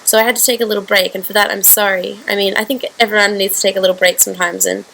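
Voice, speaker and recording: A woman's voice: mid-range voice, little pitch movement, very fast, vocal fry, a bit bright, a little hiss or hum, poor audio. A woman giving a heartfelt, rambling video message to an online group she founded. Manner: earnest, heartfelt, rambling with fillers. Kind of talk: direct-to-camera video message.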